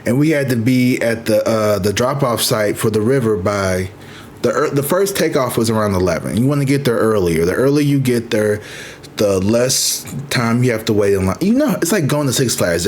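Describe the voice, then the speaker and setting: A man in his thirties telling a story in a casual, profane, animated way, as a vlogger. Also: mid-range voice, a little fast, a little hiss or hum. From Missouri, USA. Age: 30s.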